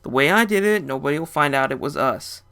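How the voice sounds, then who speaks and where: A man voicing a reckless, drunk young woman who slurs her words and shouts or brushes things off. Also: a little high, expressive, clean tone. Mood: dismissive. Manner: slurring, dismissive, quick to yell. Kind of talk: storytelling, acting out dialogue.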